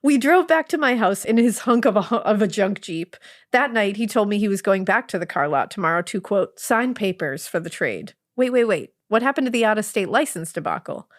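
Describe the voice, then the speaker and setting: A woman's voice: mid-range voice, lively intonation, a little fast. A woman podcast co-host reading a listener's story aloud in a sarcastic, swearing, laugh-prone way. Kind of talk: casual storytelling read-aloud.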